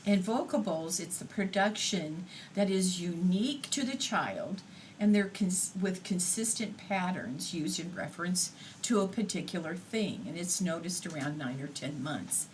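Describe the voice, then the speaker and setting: A woman giving a recorded lecture in an unhurried, explanatory way, pausing on fillers now and then. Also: lowish voice, animated, slight background noise, low-quality recording.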